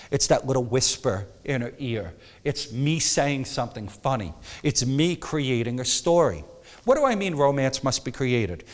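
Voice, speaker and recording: A man teaching a photography workshop, emphatic and animated, sometimes dropping to a soft coaxing tone. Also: medium pitch, long reverb tail. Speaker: photography instructor.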